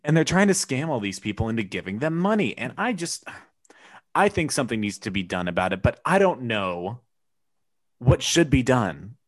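A man's voice: mid-range voice, sing-song, moderate pace, no room sound. A man in a casual comedic advice chat, rambling earnestly and hesitantly as he poses a question. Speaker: co-host asking a question. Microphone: studio microphone.

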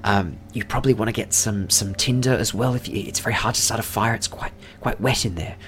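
A man's voice: on the low side, brisk, a bit bright, a little hiss or hum. A man voicing a nervous young male shop intern who stammers anxiously.

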